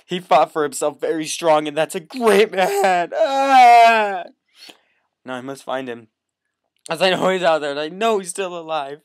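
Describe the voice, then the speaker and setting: A man's voice: medium pitch, clean tone, no echo, clean studio sound. A man acting the lead in an improvised found-footage horror film, swinging between screams and whispers.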